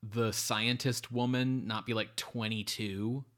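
A man's voice: fairly low pitch, fairly even intonation, takes it slowly, fairly bright tone. A man co-hosting a podcast, chatting casually about a bad movie in a rambling, sardonic way full of "like" and fillers. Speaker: podcast co-host. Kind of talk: casual movie review chat.

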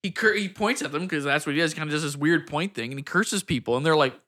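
A man's voice: on the high side, fast talker. A man co-hosting a podcast, chatting casually with friends and mimicking the people in his stories. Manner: animated storyteller, mimics people he describes. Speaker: podcast co-host. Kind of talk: casual chat among friends.

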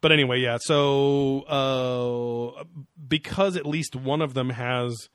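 A man's voice: medium pitch, steady tone, slow, clear, resonant tone, no echo, clean studio sound. Sarcastic man in casual podcast chat. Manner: sarcastic and profane, with many fillers. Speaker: podcast co-host. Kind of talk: casual chat reviewing a TV show.

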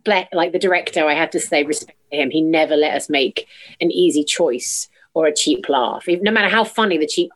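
Woman, thirties, musical theatre guest, bubbly, slightly low voice, acts out quotes. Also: quick pace. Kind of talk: casual interview chat.

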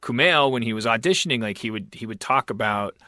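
A male podcast host in casual chat, rambling and halting, with many restarts. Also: medium pitch, animated, bright, forceful tone, no echo, clean studio sound.

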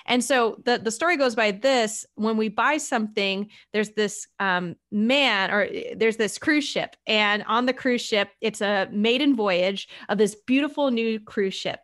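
A woman's voice: a little high, a little slow, hardly any pauses. A woman podcast host telling a story in a conversational way, acting out the characters' lines as she goes. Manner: animated storyteller, acts out quoted characters.

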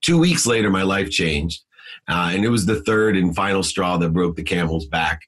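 A man's voice: sits low, moderate pace, fairly bright tone, low-quality recording. A middle-aged man, a podcast guest, telling a personal story with emphasis, frequent fillers and restarts, and a voice that climbs when he relives key moments.

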